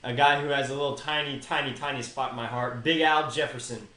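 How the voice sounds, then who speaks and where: A man's voice: medium pitch, fairly even intonation, fairly quick, bright, forceful tone. Young man with opinions in a roomy space. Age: young adult. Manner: opinionated, addresses players directly. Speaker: podcast co-host. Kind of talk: casual sports chat. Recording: roomy echo.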